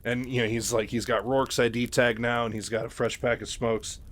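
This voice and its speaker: A man recaps a book chapter by chapter in a loose, rambling way, full of fillers and restarts. His voice sits at an ordinary middle pitch. It is casual, unscripted storytelling. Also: little pitch movement, moderate pace, a bit bright. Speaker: narrator.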